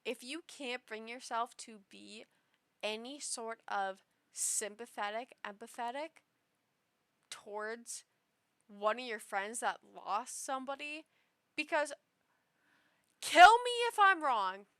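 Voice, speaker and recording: A tipsy woman with a high, bright voice rambles through a casual reaction, stumbling and restarting as her feelings spill out. She talks slowly, and the dry sound puts her right up close to the mic. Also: no echo. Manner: rambling and emotional, with many restarts. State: tipsy after two shots. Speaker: streamer reading online posts.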